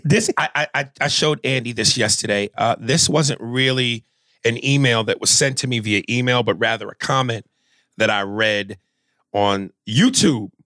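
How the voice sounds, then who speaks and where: A man co-hosting a comedy podcast in casual chat, animated and profane, often stammering as he restarts. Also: mid-range voice, moderate pace, no echo. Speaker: podcast co-host.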